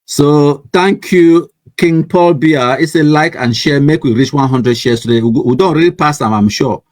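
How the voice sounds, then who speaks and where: An online news show host with a Cameroonian accent runs a casual live stream, mixing English and Pidgin as he teases his way through viewers' comments. His voice sits on the high side at a normal speed, with no echo. He's chatty and playful, laughing often and reading comments aloud.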